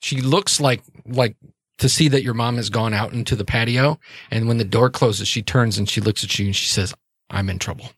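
A man's voice: mid-range voice, fairly even intonation, normal speed, a bit bright, no echo. Man narrating a tabletop game, casual, descriptive, dry close recording. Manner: casual, descriptive, laid-back. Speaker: game master.

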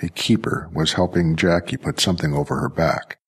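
A man narrating a story in a measured audiobook reading. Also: a bass voice, slightly rough.

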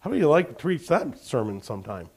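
A man's voice: on the high side, very animated, quick pace, a little mellow, slightly rough. A man preaching a sermon, telling Bible stories with animation and questioning his congregation. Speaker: pastor.

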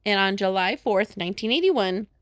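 A woman's voice: medium pitch, animated, normal speed, dry recording. A woman with a Chicago accent co-hosting a podcast in casual, giggly chat, full of "like". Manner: giggly, chatty, lots of "like". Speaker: podcast co-host.

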